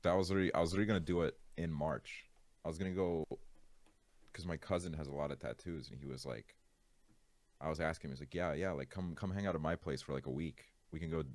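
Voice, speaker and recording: A young man streaming, chatting casually in a laid-back, rambling way, his voice jumping high with laughter when he is outraged. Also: darkish tone, no echo. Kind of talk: casual chat.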